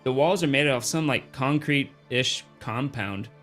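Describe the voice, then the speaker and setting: A man's voice: medium pitch, a little slow, fairly bright tone, soft background music. A man running a tabletop game as game master, laid-back and chuckling, with hesitant fillers.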